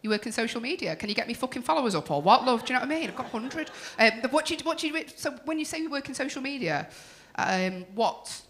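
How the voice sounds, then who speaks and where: Brash, bright-voiced woman compere. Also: fairly high pitch, animated, quick pace, hardly any pauses, a little hiss or hum. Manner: brash, teasing, sweary banter with the audience. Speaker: stand-up comedy compere. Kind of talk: stand-up crowd work. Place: comedy club stage.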